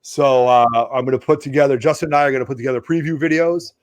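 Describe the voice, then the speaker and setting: A man with an East Coast American accent, hosting a casual chat and telling stories in a rambling, animated way full of fillers. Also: mid-range voice, fast talker, no room sound, clean studio sound. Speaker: host. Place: home studio basement.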